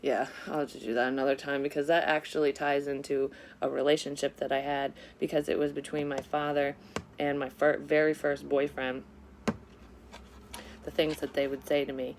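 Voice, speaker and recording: Low-voiced woman rambling candidly. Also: flat delivery, moderate pace, slight background noise. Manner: candid, rambling, swears freely. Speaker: psychic medium vlogger. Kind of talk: casual story-time monologue.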